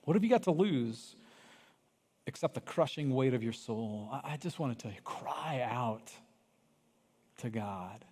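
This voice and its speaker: A man preaching a sermon as pastor, animated, acting out cries from the story and dropping to hushed, earnest tones. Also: mid-range voice, a little slow, pauses often. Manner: animated, acts out voices of people in the story, swings from loud cries to hushed. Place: church sanctuary. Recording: long reverb of a church hall.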